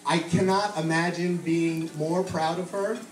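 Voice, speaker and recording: A man's voice: on the high side, fairly even intonation, a little slow. A middle-aged man giving a toast as a father at a family celebration, a fond, joking storyteller. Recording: echoey hall, mic heard from far, crowd behind.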